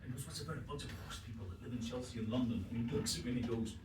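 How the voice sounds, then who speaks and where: A man's voice: medium pitch, very fast. A middle-aged man telling a stand-up story on stage, swearing freely and laughing through his punchlines. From Northern Ireland. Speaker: stand-up comedian. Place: comedy venue with audience. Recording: roomy live venue, distant mic, noisy.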